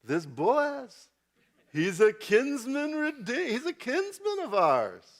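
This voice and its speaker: Man putting on an older mother-in-law voice, high, sing-song, slow and drawn out, eager matchmaker. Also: wildly swooping pitch, full character voice. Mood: eager, scheming.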